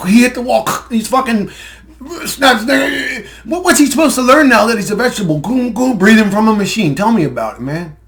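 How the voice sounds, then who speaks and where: Young man, high voice, rambling profane monologue, sarcastic and heated. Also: animated, a little fast, a bit bright. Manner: heated, profane, sarcastic, laughs mid-sentence. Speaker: conspiracy video ranter.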